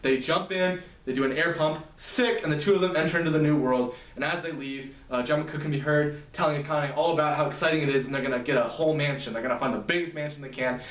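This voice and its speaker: A man's voice: a little high, fast talker, few pauses. Rambling man recapping a story. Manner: rambling, self-amused, full of fillers and asides. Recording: echoey room, mic at a distance.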